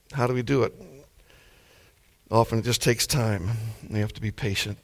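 A gentle man preaches a sermon in a relaxed, unhurried style, though he talks fast. His voice sits at a typical middle pitch for a man, neither low nor high.

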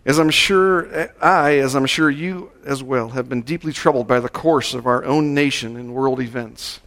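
Male pastor, mid-pitched voice, deliberate sermon delivery that leans on key words. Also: fairly bright tone. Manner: measured, slowing down to stress key words. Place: church service.

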